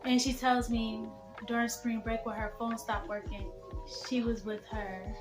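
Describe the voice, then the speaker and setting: A young woman in her teens telling a dramatic personal story as a vlogger, emphatic and animated, talking straight to her viewers. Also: a little high, unhurried, echoey room, over music. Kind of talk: storytime vlog.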